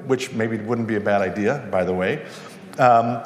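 A man's voice: mid-range voice, normal speed. Male pastor preaching in an echoey church. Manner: relaxed, chatty preaching with asides and questions to the congregation. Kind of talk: conversational sermon. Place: church sanctuary. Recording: echoey church with long reverb.

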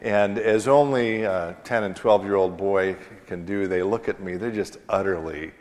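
Male pastor, 40s, lowish voice, chatty storytelling sermon in a church with long reverb. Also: moderate pace, darkish tone. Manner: conversational storytelling with fillers, self-deprecating humor. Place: church sanctuary.

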